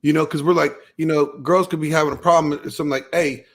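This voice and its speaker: A man on a discussion panel pushes his argument hard and emphatically. His voice sits slightly high for a man. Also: steady tone, fast, gravelly. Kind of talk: casual panel chat.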